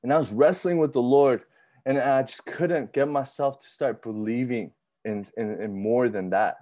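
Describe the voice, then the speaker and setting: A man in his thirties preaching a sermon in a conversational, animated way, often repeating himself and acting out his own thoughts. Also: medium pitch, moderate pace. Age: 30s. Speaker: pastor.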